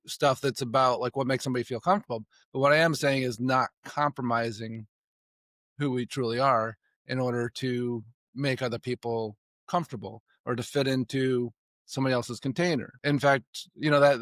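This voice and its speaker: A man's voice: mid-range voice, moderate pace, a bit bright, dry recording, studio quality. A man talking casually and reflectively as a podcast guest, rambling with restarts. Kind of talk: casual conversation.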